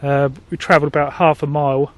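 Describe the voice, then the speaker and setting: A man's voice: on the high side, flat delivery, fast, no room sound. Man recounting a story to a group. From England. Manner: plain storytelling with fillers. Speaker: group member. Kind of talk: telling a personal story.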